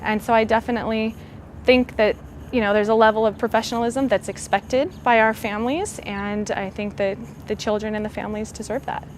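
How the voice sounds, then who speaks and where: A woman's voice: on the high side, fairly even intonation, a little fast, a little hiss or hum. A woman who is a preschool teacher and parent, answering interview questions earnestly with a few hesitant fillers. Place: school campus. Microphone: clip-on microphone.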